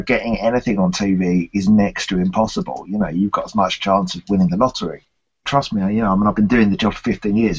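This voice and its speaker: A man's voice: medium pitch, husky. A man talks through his answers in a loose, chatty way, peppering them with "kind of" and "you know". The recording sounds dull and lo-fi. He pokes fun at himself as he goes. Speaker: interviewee, games reviewer and TV presenter. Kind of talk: casual interview chat.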